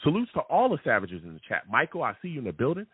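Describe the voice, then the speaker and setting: A man hosts a live sports call-in show, talking in an animated, chatty way and tagging his points with "okay?" His voice is a little husky and swings up and down a lot. The sound is thin and tinny like a phone line, and very dry. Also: mid-range voice, rapid-fire, dry recording. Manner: animated and chatty, repeats "okay?" and "all right?" often. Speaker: sports podcast host.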